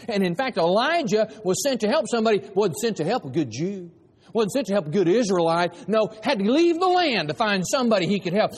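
A man's voice: sits high, big-room sound. A man preaching a sermon with an emphatic delivery, sometimes acting out voices of the people he describes. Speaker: pastor.

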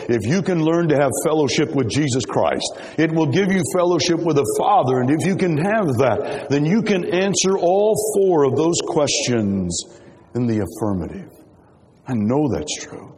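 A man's voice: medium pitch, a little mellow, a little hiss or hum. A man preaching a sermon, emphatic and rhetorical, quoting scripture and asking the congregation questions. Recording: long hall reverb.

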